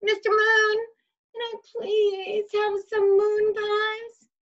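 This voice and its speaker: A woman voicing an eager, polite little boy in a storybook reading, high and pleading. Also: little pitch movement, slow, a bit bright, exaggerated voice. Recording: slightly dull lo-fi recording.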